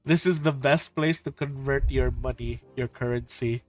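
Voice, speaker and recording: A man from the Philippines chatting casually with his viewers about trip photos, excitable, swearing and laughing often. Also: mid-range voice, normal speed, faint music behind. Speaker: streamer host.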